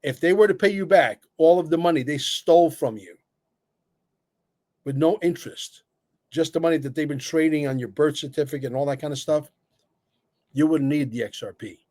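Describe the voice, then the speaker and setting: A man co-hosting a livestream, talking bluntly and emphatically, cursing and filling pauses with "uh". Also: a little high, a little mellow. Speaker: livestream co-host. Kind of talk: opinionated livestream talk.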